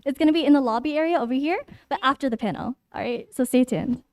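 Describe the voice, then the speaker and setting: A woman moderates a convention panel, keeping things moving with quick announcements. Her voice is high. The sound is dry and close. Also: a little mellow, dry recording. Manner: brisk, organizing. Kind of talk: event announcements.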